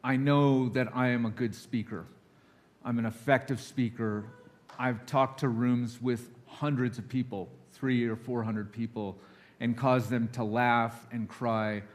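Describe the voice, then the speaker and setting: A man's voice: mid-range voice, steady tone, measured pace. Nervous man giving a candid sermon. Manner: candid, confessional, acts out quoted voices. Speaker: guest speaker. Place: church sanctuary.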